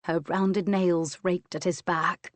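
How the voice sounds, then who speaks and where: A woman narrating a historical romance audiobook in a slow, measured and intimate reading on a close microphone. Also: on the low side, level tone, no echo.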